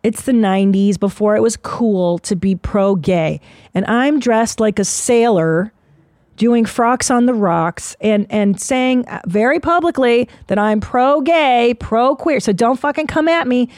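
A woman's voice: on the high side, a little slow, darkish tone, dry recording, clean studio sound. A middle-aged woman hosting a podcast, ranting bluntly and sarcastically with lots of swearing. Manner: profane, blunt, sarcastic rants. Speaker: podcast host. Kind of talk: casual podcast chat.

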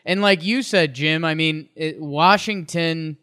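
Man, podcast co-host, casual sports talk, bright voice, smooth tone, rambling. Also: on the high side, a little slow. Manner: rambling, animated, many restarts.

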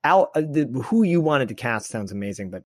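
A man's voice: mid-range voice, very animated, brisk, no echo, clean studio sound. A man co-hosting a podcast, talking earnestly with many restarts and repeated words. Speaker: podcast co-host. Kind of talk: casual interview chat.

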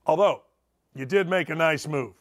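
A man's voice: on the high side, moderate pace, fairly bright tone. A man hosting a sports talk show, riffing through a brash, wisecracking monologue. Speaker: sports radio host.

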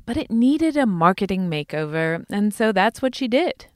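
A woman co-hosting, reading scripted narration in a measured, explanatory way. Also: mid-range voice, very animated, no room sound, studio quality. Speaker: podcast co-host.

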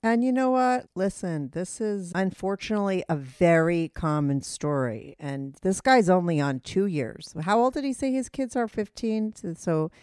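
A woman's voice: on the low side, expressive, normal speed, few pauses, darkish tone, clear, resonant tone, no room sound, clean studio sound. A woman hosting a podcast, chatting frankly and casually, with laughing asides. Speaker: podcast host. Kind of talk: casual chat.

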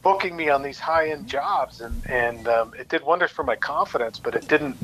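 Animated man telling a set story. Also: mid-range voice, normal speed, a little hiss or hum, rough recording. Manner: animated storyteller, acts out quoted voices, laughs often. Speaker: actor guest. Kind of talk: casual anecdote-telling.

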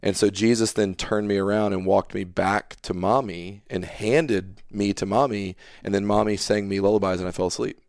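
As a podcast guest, a pastor in his thirties tells a personal story with earnest animation, retelling the dialogue in a casual storytelling conversation. He talks at normal speed with few pauses in a lowish voice, and the clean studio sound has no echo.

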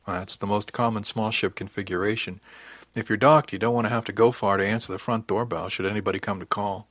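Man reading as a bold young spacer woman, teasing, forward, lowish voice, dry close sound. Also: fairly even intonation, a little fast, fairly bright tone, no echo.

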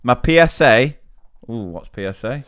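A man's voice: mid-range voice, expressive, moderate pace, noisy background. A man, a podcast co-host reading out listener stories in casual chat and giggling.

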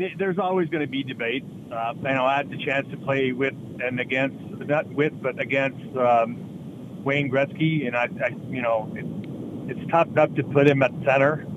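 A man, a former hockey player and interview guest who talks haltingly, with many fillers. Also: medium pitch. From Quebec City, Canada. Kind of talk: casual interview chat. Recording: muffled with background noise.

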